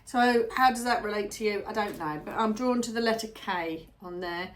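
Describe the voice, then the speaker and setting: A woman's voice: mid-range voice, moderate pace. A woman giving a casual tarot reading, musing aloud and repeating phrases as she goes. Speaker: tarot reader.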